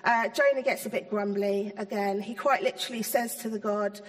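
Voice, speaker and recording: A woman giving an informal, chatty sermon to a church, full of ums and gentle asides. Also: mid-range voice, steady tone, a little fast. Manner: chatty, hesitant, many ums. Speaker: church speaker. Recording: long hall reverb.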